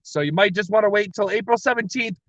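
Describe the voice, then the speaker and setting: An upbeat man chats on a solo livestream from inside his car, full of energy, laughing at himself as he goes. His voice sits a little high, and the sound is dry and close, slightly dull. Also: fast talker, dry recording. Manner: energetic, laughs often, self-deprecating. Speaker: comic creator livestreaming. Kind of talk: rambling solo livestream chat. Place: parked car.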